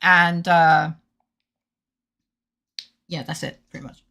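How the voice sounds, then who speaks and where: A woman's voice: deep voice, fairly even intonation, takes it slowly, vocal fry, pushed and bright. A woman streamer giving playful, sarcastic commentary on a game, cursing casually.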